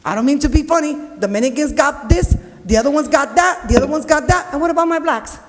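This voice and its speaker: A woman's voice: high voice, expressive, fast talker. A woman speaking during public comment at a city council meeting, blunt, emotional and profane. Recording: long reverb of a council hall.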